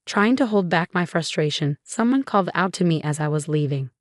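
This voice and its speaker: A woman narrating a first-person family drama story in a measured, even reading. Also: on the low side, dry recording, clean studio sound.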